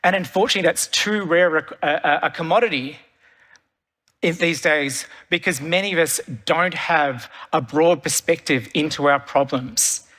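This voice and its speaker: Bright-voiced keynote speaker. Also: male voice, a little high, moderate pace. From Australia. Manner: energetic storytelling, repeats phrases. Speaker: keynote speaker, creative director. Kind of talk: keynote talk. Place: large conference hall stage. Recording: long reverb of a large hall.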